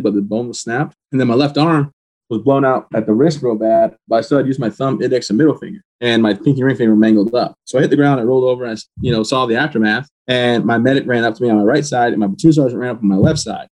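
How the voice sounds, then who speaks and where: A man in an interview, bluntly retelling the day he was badly wounded, matter-of-fact and steady. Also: medium pitch, fast. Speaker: guest. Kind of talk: personal storytelling in an interview.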